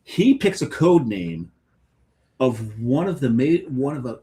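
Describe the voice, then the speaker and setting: A man's voice: mid-range voice, expressive, a little slow, mellow, poor audio. A man co-hosting a beer podcast in casual chat, rambling and trailing off mid-sentence. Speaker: podcast co-host.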